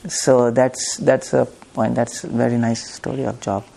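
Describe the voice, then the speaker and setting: A man preaches a devotional discourse in a lecture hall. His voice has a gravelly edge at a middling pitch. He tells stories and acts out the lines of the people in them. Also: level tone, normal speed, few pauses, mellow. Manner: storytelling, acts out voices in quotes, laughs between points.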